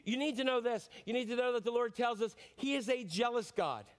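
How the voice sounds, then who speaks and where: A man in his fifties preaching a lively, rambling sermon, joking about himself and often restarting his sentences. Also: very high-pitched, brisk. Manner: animated, rambling, self-mocking sermon with many restarts. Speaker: pastor.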